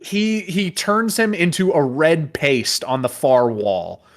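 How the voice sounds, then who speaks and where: A man hosts a casual lore chat with a slightly high voice. He tells the story in an animated way, swearing and laughing often as he goes. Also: slow. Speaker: host.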